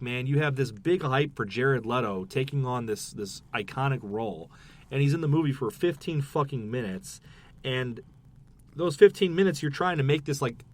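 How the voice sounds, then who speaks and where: Profane, excitable male podcast co-host. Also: mid-range voice. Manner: profane, excitable, loose and rambling. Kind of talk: casual movie review chat.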